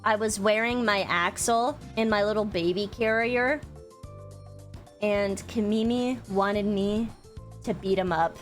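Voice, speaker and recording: A young woman streamer chatting with her viewers about a convention, bubbly and quick to swear, with lots of "like". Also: medium pitch, fairly even intonation, soft background music. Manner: bubbly storytelling, swears freely, frequent "like". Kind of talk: casual chat to stream viewers.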